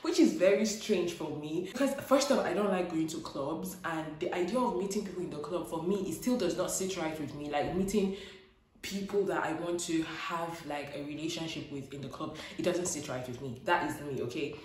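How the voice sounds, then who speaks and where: Nigerian woman vlogger, chatty and animated, plays out dialogue, very roomy echo. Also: sits low, moderate pace. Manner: animated storytelling, acts out dialogue. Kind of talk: casual chat to camera.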